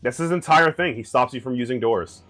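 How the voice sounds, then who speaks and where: A man hosting a let's play, chatting casually and joking as he plays. His voice sits at an ordinary middle pitch, with faint game music behind him. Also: brisk, fairly bright tone.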